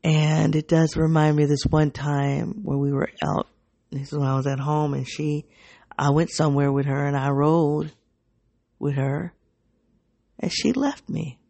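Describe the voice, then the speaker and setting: A woman hosting her own podcast, speaking in an introspective, halting, emotionally raw personal reflection. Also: low-pitched, fairly even intonation, creaky, dark tone, dry recording. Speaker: podcast host.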